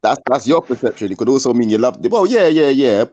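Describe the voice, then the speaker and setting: A man with a London accent on a live-stream panel, talking in slangy, expressive banter. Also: mid-range voice, fast talker, no echo. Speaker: panel guest. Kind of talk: casual banter. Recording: lo-fi stream audio.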